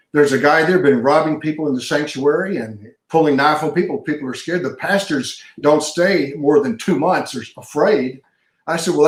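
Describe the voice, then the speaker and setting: Older man, folksy pastor telling a story, mid pitch, roomy sound. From Texas. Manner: folksy storyteller, acts out dialogue. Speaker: pastor and retired police sergeant. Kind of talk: storytelling in an interview. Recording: roomy echo.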